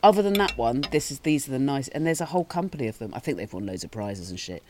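A podcast host chats playfully, laughing and swearing freely. The voice swoops widely in pitch, and faint noise runs under it. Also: expressive, quick pace. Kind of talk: casual chat.

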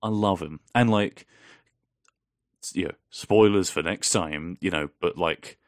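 Deep-voiced enthusiastic man, dry close mic. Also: a little slow, no echo. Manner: enthusiastic, swearing, quotes lines in voices. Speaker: podcast co-host. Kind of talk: casual fan chat.

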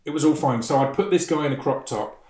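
A man's voice: a little high, fast, darkish tone, reverberant. A man talking casually as a podcast guest, with a stammer that catches on the first sounds of words. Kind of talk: casual chat.

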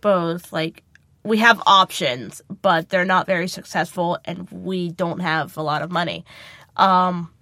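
Sarcastic woman with deadpan asides. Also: on the low side, a little slow, no echo. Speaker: podcast co-host. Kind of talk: casual chat. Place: small closet at home.

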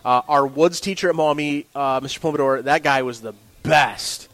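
A man's voice: mid-range voice, moderate pace, no room sound, rough recording. A man, a sports director telling rambling stories in a casual podcast interview. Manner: rambling, animated storytelling with restarts. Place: restaurant.

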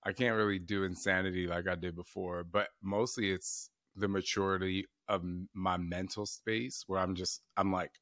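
Deep-voiced chatty man in his forties. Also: a bit bright, dry recording, clean studio sound. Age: 40s. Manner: chatty, laughs often, frequent fillers. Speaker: podcast host. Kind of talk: casual podcast conversation.

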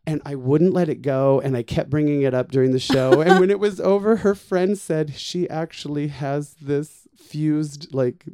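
A male drag performer chatting as a guest, his voice sitting a little higher than most men's. He tells comic stories with loud, profane energy and keeps slipping into the voices of the people he describes. The sound is close and dry, with no room around him. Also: normal speed, few pauses, dry recording. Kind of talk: casual chat, storytelling.

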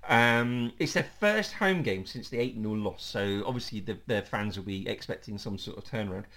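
A man's voice: fairly low pitch, animated, moderate pace, fairly bright tone. A man hosting a casual football podcast, chatty, with frequent ums and laughs. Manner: chatty, laughs often, fills with um. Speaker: podcast host.

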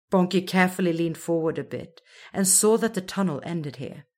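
A woman narrating a children's storybook in a slow, expressive storytelling manner. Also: fairly low pitch.

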